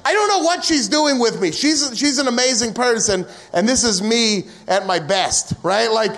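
Young american guy doing stand-up, really high voice, rambly and self-mocking, swears a lot. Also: lively intonation, normal speed, a bit bright. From United States. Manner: rambling, self-mocking, profane rants with acted-out asides. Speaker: stand-up comedian. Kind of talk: stand-up comedy set.

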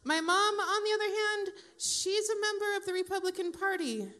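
Woman, forties, stand-up comedian, high voice, dry, profane, self-mocking. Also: moderate pace, pushed and bright.

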